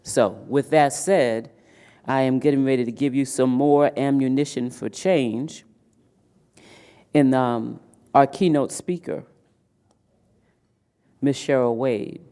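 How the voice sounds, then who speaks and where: Male emcee at a live summit, mid-range pitch, emphatic and repetitive. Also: slow pace, pauses often, warm tone, smooth. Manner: emphatic, repeats words while restarting. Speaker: panel moderator and emcee. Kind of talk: live event speech. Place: event hall.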